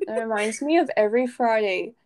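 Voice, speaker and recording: A teenage girl co-hosting a laid-back podcast with her friend. Her voice sits a little on the high side, and she rambles through her stories with plenty of fillers and laughter. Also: fairly quick, darkish tone, poor audio. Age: teens. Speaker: podcast co-host. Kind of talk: casual chat.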